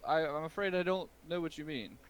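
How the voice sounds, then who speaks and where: A man's voice: fairly high pitch, fairly quick, a little hiss or hum, pitched above the performer's own voice, close to an everyday voice. A man voicing a fussy older male shopkeeper dressed in silks, speaking politely in a raised voice.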